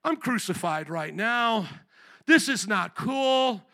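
A man's voice: sits high, expressive, slow, sharp tone, full character voice. A man preaching, putting on the voice of a frightened, pleading thief on a cross who stammers nervously. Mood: panicked. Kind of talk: sermon illustration.

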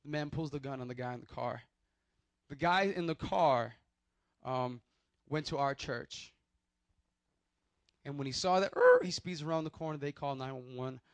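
A man's voice: mid-range voice, moderate pace, dry recording. A young man, preaching a sermon and telling a personal testimony in a loose, conversational way. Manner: conversational storytelling with restarts and acted quotes.

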